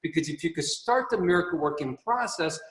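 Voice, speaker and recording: A man gives a motivational talk to his team over a video call, earnest and repetitive and quick to laugh at his own jokes. His voice sits a little high for a man. It sounds roomy, with a long tail of reverb, as if he sits back from the mic. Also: expressive, fairly bright tone, distant mic. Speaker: company chairman. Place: training room.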